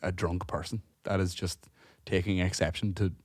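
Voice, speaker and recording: A man, co-hosting a podcast and telling a story in casual chat, animated, swearing freely and acting out what people said. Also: low voice, normal speed, no room sound, studio quality. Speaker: podcast co-host.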